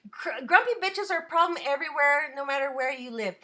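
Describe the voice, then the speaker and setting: A woman, an adult student, ranting casually on a live stream, animated and swearing, breaking off to answer her chat. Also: sits high, a little fast.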